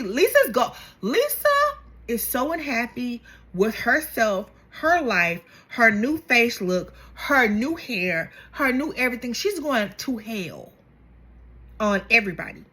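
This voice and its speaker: A young woman chatting casually as she recaps a reality show, gossipy and animated, acting out the cast's lines. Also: husky. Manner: animated, gossipy, acts out quotes with big pitch jumps.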